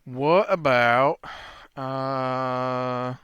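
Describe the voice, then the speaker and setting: A man's voice: mid-range voice, fairly even intonation, extremely slow, fairly bright tone, smooth, dry recording, highs cut off. A man hosting a let's play, telling a rambling story in casual chat while he plays. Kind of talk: casual chat while playing a video game.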